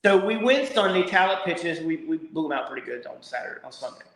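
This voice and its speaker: A middle-aged man, a former college pitcher telling lively stories as a podcast guest and acting out quotes. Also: a little fast. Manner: animated storyteller, acts out quotes. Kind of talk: casual storytelling. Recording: echoey room.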